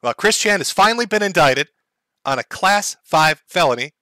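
A man's voice: sits high, animated, normal speed, bright, forceful tone, no room sound. A man hosting a livestream, giving crude, sarcastic commentary and laughing often. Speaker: livestream host.

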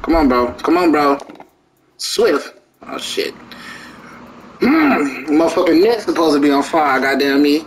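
A young man talks over a basketball video game with a lively, swooping voice and an unhurried pace. He curses freely and trash-talks his teammates. Loud game noise sits under his voice the whole time. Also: a little high, poor audio. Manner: profane, joking trash talk at teammates. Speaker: gaming streamer. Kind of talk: casual gameplay commentary.

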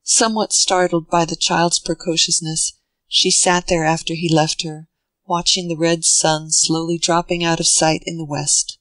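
Measured audiobook narrator, dry sound. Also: mid-range voice, no echo, rough recording. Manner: measured, even reading. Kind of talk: scripted narration.

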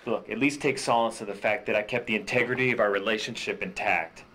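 A man's voice: fairly low pitch, steady tone, fast talker, sharp tone. A man playing a smug, cynical writer. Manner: dry, smug retorts. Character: cynical unpublished male writer, smug and defensive. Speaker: director and writer. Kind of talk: indie comedy drama acting.

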